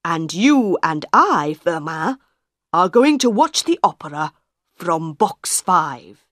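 Woman reader doing a hot-tempered male theatre director, blustering and loud, dry studio sound. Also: on the low side, sing-song, slow, no echo, exaggerated voice. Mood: dismissive. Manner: blustering, raised voice. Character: angry middle-aged male theatre director.

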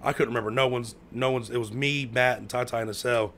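A man from the United States spins a long story in casual chat, leaning on slang and constant fillers. He jumps into loud outbursts when he acts out what people said. His voice sits in a middle range, with a faint hiss of noise behind it. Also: medium pitch, fast talker. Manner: animated, acts out quotes with sudden loud outbursts; heavy slang, lots of "bro" and "like".

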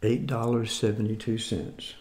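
A man's voice: on the low side, flat delivery, normal speed, darkish tone, slight background noise. A man in his seventies from the United States, showing off his groceries in a rambling, folksy way with mildly skeptical asides. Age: 70s. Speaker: food vlogger. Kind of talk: casual grocery haul show-and-tell.

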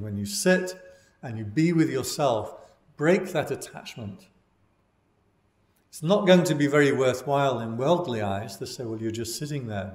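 Monk telling a story in a roomy hall. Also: male voice, mid-range voice. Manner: relaxed storytelling with wry asides. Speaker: Buddhist monk and meditation teacher. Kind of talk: dhamma talk. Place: meditation class in a room. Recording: roomy echo.

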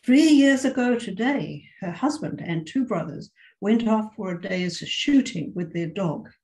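A woman reading as a calm young niece. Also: mid-range voice, a little slow, poor audio. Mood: eerie, earnest. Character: calm young woman telling a grim tale. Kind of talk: reading a story aloud.

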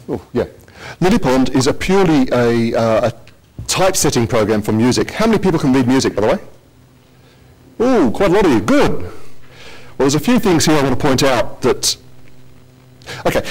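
A man presenting a technical conference talk in a lecture hall, with joking asides to the audience. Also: medium pitch.

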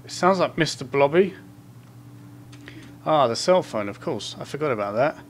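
A man giving horror game commentary, muttering asides to himself and reading in-game notes aloud in quick bursts. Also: fairly high pitch, animated, a bit bright, a little hiss or hum. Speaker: gameplay commentator.

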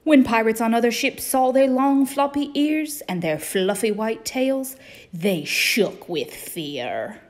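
A woman's voice: on the high side, animated, slow pace. A woman reading a children's storybook aloud, with a playful pirate-themed delivery.

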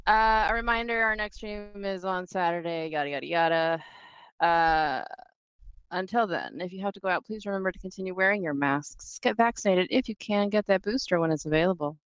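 A woman's voice: on the low side, a little fast, clean tone, no room sound, dull audio. A woman co-hosting a live stream talk show in casual chat, laughing often and swearing freely.

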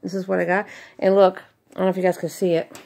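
A young woman vlogging an unboxing, excited and gushing, thanking the sender over and over. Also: on the low side, fast talker, creaky. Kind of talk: casual unboxing vlog.

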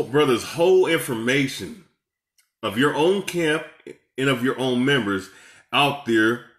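A man's voice: medium pitch, a bit bright. A man giving heated, profane reaction commentary as an online preacher, confronting and scolding his rivals. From Seattle, USA.

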